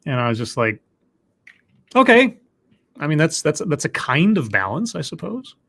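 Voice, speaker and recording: A man with a fairly high voice hosts a relaxed chat. He speaks in a measured, reflective way. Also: gravelly. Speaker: host. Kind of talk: casual conversation.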